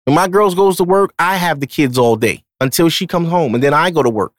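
A man's voice: a little high, a little fast, no room sound, studio quality. Blunt, profane man talking on a podcast. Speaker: podcast host. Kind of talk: casual monologue.

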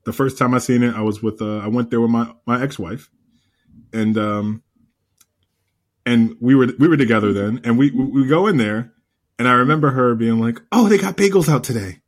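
A man co-hosting a podcast in casual chat, an animated storyteller who repeats himself and swears freely. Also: medium pitch, moderate pace. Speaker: podcast co-host.

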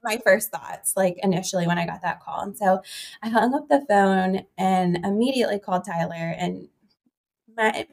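A woman's voice: medium pitch, moderate pace, creaky, darkish tone. A young woman, a podcast guest, telling a personal story in a chatty way, with many fillers and quoted dialogue. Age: young adult. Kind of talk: conversational storytelling.

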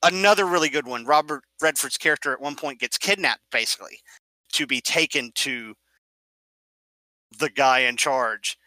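At a normal speed and in a mid-range voice, a man casually discusses movies, animatedly reliving scenes and explaining details as he acts them out. The recording is dry and of low quality.

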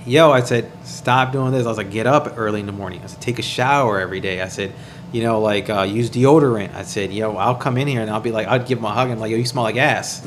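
Fast-talking man telling a story. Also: on the low side, a little hiss or hum. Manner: animated, profane, acts out quoted dialogue. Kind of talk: casual storytelling chat.

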